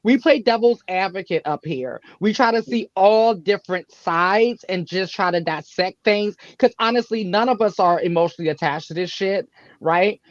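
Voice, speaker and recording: Relaxed woman on dull lo-fi audio. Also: mid-range voice, normal speed. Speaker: panelist. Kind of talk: casual panel chat.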